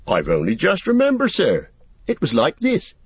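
A man's voice: fairly high pitch, wildly swooping pitch, moderate pace, breathy edge, dry recording, voice pushed up, exaggerated voice. A man voicing a loyal, humble male hobbit servant who speaks earnestly and rustically in an audiobook. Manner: deferential, rustic speech with frequent "sir". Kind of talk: audiobook character voice. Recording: dull, dry lo-fi recording.

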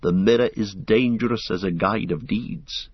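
A man voicing a wise, stately elf queen who speaks in formal, measured sentences, on a dull lo-fi recording. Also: fairly low pitch, breathy edge, no room sound. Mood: grave.

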